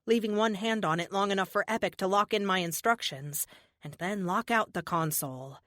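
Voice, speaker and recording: A woman reading an audiobook in first person, in a brisk, steady storytelling voice. Her pitch sits in the middle and the recording is dry and close. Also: no room sound. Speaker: audiobook narrator. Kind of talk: scripted first-person narration.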